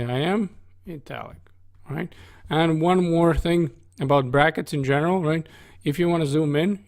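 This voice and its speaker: A man's voice: mid-range voice, creaky. Man teaching code, tagging every phrase with "right?". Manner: conversational, repeats "right?" after nearly every phrase. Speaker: coding instructor. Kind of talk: screen-recorded coding tutorial. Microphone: studio desk microphone.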